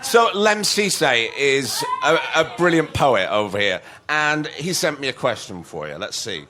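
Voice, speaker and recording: A man's voice: medium pitch, sing-song, unhurried, background noise. A man hosting a podcast who reads out questions for his guest. He sounds chatty and amused and laughs along easily. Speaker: podcast host. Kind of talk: reading listener questions.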